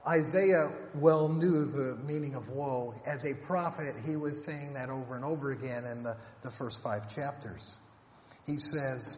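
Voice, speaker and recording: Brief: male preacher, emphatic sermon delivery, drawn-out scripture quotes, reverberant sanctuary sound. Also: mid-range voice, fairly even intonation, a little mellow. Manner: emphatic, rhetorical questions, slows for scripture. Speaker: pastor. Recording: echoey hall, faint room noise.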